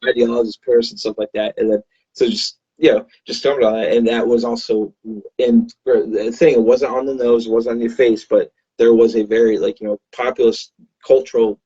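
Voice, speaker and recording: A man's voice: mid-range voice, little pitch movement, brisk, mellow, husky. A man chatting casually as a podcast guest, rambling with lots of fillers. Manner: rambling, many fillers and restarts. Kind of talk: casual chat. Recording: dull lo-fi recording.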